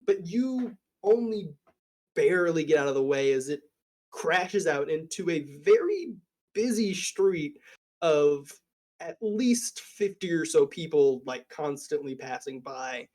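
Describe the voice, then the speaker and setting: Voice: mid-range voice, expressive, slow pace, darkish tone. A game master narrating a tabletop game, improvising with frequent fillers.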